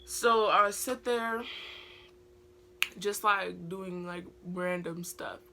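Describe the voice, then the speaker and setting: A woman's voice: lowish voice, steady tone, drawn-out words, pushed and bright, a little hiss or hum. A teenage girl with a British accent, telling a casual storytime vlog in a rambling way full of filler words. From Britain. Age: teens. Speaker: vlogger.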